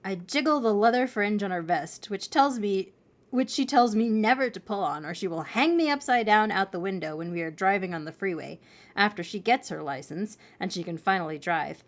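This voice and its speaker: A woman with a mid-range voice reads a children's novel aloud at a moderate pace, telling the story expressively.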